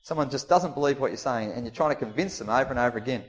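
Animated Australian preacher man. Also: racing. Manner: animated, voices the disciples and Jesus with rising pitch. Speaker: pastor. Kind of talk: sermon.

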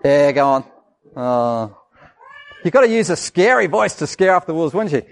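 A male pastor giving a lively children's sermon, asking the kids questions and acting out voices. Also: a little high, normal speed, gravelly.

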